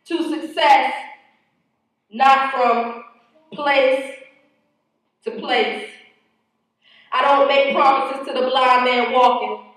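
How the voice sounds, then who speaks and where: A woman with a nasal, fairly high voice performs spoken word poetry. She sounds distant from the mic, and a big echoing room carries her lines. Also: fairly bright tone. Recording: echoey hall, mic heard from far.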